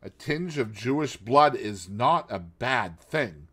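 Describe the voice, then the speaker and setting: A man voicing a cool, defiant young English wife who speaks quietly and icily. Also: medium pitch, expressive, breathy edge, full character voice. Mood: icy. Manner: quiet, icy, slow.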